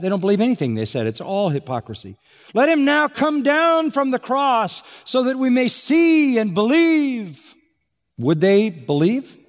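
Emphatic preacher in a reverberant hall. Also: male voice, medium pitch, a little mellow. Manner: emphatic, rising to exclamation on key points. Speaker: pastor. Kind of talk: expository sermon.

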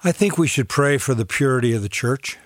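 A man's voice: mid-range voice, expressive, a little fast, dry recording. A man answering in a studio conversation as a pastor, direct and conversational. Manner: conversational and direct, with small restarts. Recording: dry studio sound.

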